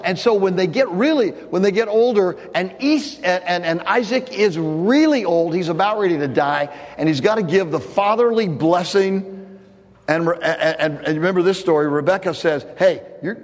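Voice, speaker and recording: A man's voice: high voice, long reverb tail. A man preaching a sermon, telling a story in a loose, conversational way with frequent restarts. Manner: casual storytelling with repeated restarts. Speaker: pastor.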